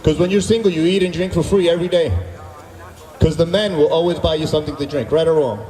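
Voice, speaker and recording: Stand-up comedian, echoey outdoor PA sound. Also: male voice, on the high side, quick pace, recorded from a distance. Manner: animated storytelling, acting out dialogue with the crowd. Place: outdoor stage at a summer concert.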